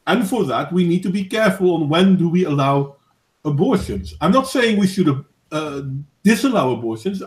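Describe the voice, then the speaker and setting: Thirties male host, earnest and measured, a little high-pitched, boomy room sound. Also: big pitch swings. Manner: earnest, measured, with frequent restarts. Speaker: host of a voice chat discussion. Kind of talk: casual debate. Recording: echoey room.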